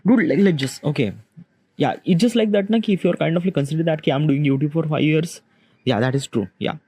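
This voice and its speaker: A man, giving a halting, rambling confessional monologue in which he questions himself aloud. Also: fairly high pitch, dark tone, husky, no echo, rough recording. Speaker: vlogger. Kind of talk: confessional self-talk monologue.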